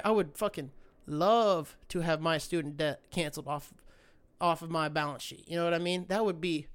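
A young man hosting a solo podcast, ranting in a profane, rambling, sarcastic way. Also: high-pitched. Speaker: podcast host. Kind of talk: casual solo podcast rant.

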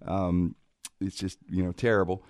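A man's voice: low voice, flat delivery, normal speed, darkish tone, no echo. A male host chatting casually, rambling through stories with laughs and restarts. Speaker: radio show host. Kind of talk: casual chat.

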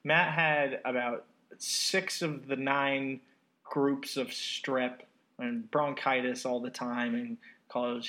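A man's voice: mid-range voice, fairly bright tone. A man in his twenties hosting a casual podcast interview from an apartment, joking and teasing his guest. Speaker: podcast host.

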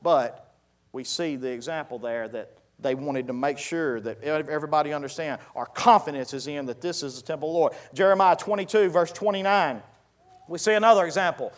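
A man preaching a sermon to his congregation, building from quiet reading to loud emphatic passages and repeating phrases three times. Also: brisk. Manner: swells from low, quiet reading to loud, high-pitched preaching; folksy speech, addresses the congregation directly. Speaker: pastor.

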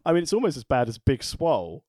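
A man co-hosting a relaxed podcast, trading wry, joking remarks with a friend. His voice sits at an ordinary middle pitch. The recording is close and dry. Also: no echo. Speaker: podcast co-host. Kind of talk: casual chat.

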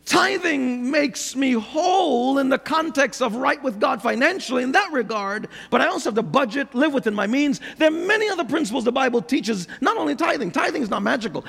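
A middle-aged man preaches with a very high, gravelly voice that leaps up and down as he drives his points home. He fires rhetorical questions and jokes at the congregation. His sermon rings out with the long reverb of a large hall. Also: fairly bright tone. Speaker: pastor.

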